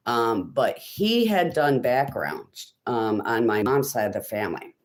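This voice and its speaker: A woman's voice: extremely low pitch, big pitch swings, unhurried. Woman, live-stream host, casual rambling chat, frequent ums, answers viewer comments. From Illinois, USA.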